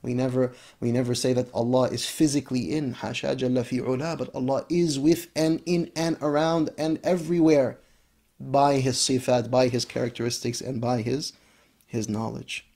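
A man, an Islamic scholar, giving a reflective religious lesson. He recites Arabic verses briskly, then explains them slowly and emphatically, sometimes dropping to a hushed voice. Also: medium pitch. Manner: expressive, shifts between brisk Arabic recitation and slow, emphatic English; drops to a soft, hushed voice at key points.

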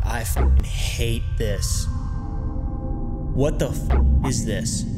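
A young man in his twenties riffing through casual reaction commentary, his pitch swinging up and down in a lively way. He is excitable and swears freely. Music plays clearly behind him. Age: 20s. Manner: excitable, swears often, loud exclamations. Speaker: YouTuber.

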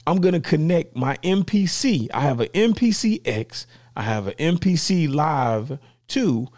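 On his vlog, a man chats in a relaxed, playful, slang-heavy way while eagerly opening new equipment. His pitch falls in the mid-range.

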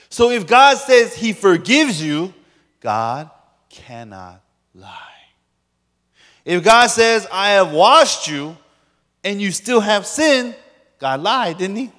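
A man's voice: high-pitched, a bit bright. A man preaching as a pastor, joking with the audience and acting out quoted voices. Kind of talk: sermon. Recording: long reverb of a large hall.

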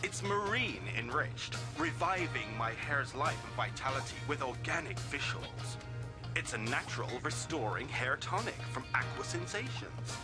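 A cheesy radio advert acted out by a voice actor, hammy and sing-song, swinging wildly up and down in pitch. Loud music sits right under it. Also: very animated, moderate pace, close to an everyday voice. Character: two men in a cheesy radio shampoo advert.

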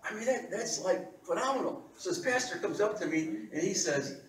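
Man, pastor, sermon, animated storytelling, repeats words, fairly high voice, echoey church, distant mic. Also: moderate pace, slight background noise.

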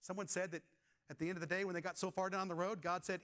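A man's voice: high-pitched, flat delivery, fast, fairly bright tone. A man preaching a sermon as pastor, asking the congregation questions and telling stories from his own life.

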